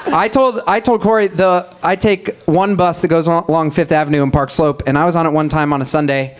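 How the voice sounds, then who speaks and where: A man with a somewhat high-pitched voice tells a loose comedic anecdote at a live show. He is chatty and wry and breaks into laughter between lines. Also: fairly even intonation, fairly quick. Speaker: podcast co-host. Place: live show at a music venue.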